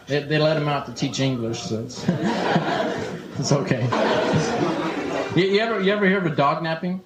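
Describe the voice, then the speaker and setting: This stand-up comic's voice is high-pitched and fairly quick as he jokes, plays characters and stumbles through restarts in front of a live club audience. Laughter and some chatter sit behind him in the reverberant space, along with a little hiss or hum.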